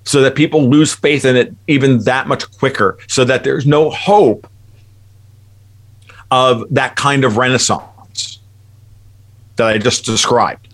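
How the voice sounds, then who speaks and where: A man's voice: mid-range voice, unhurried, pauses often. A man talking as a guest commentator in a casual chat, rambling and emphatic, often restarting his sentences.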